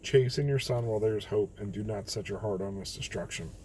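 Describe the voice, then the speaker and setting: A man's voice: fairly low pitch, fairly quick, darkish tone, slight background noise, rough recording. A man reading Bible verses aloud and then reflecting on them in a plain, candid way, sitting in his car. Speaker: host of a daily Bible reading video. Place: in a car on a rainy night.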